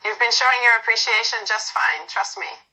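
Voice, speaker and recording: A fond young woman who teases her clingy partner with gentle affection, as a woman reads her lines. The voice sits fairly high and bright, tender even when it pokes fun. It belongs to a romantic audio role-play. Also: moderate pace, poor audio. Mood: teasing.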